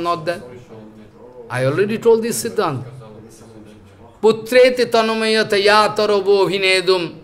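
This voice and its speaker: A man with a high-pitched voice gives a scripture lecture. His delivery is halting and full of fillers, and he often restarts phrases as he searches for words. His tone stays earnest and explanatory. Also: a bit bright. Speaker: spiritual teacher.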